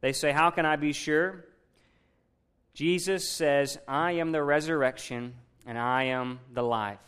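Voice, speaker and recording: Guy preaching a sermon, chatty, keeps asking the crowd stuff, kinda high voice. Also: a little slow, a bit bright, clear, resonant tone. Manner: conversational, asks the congregation questions.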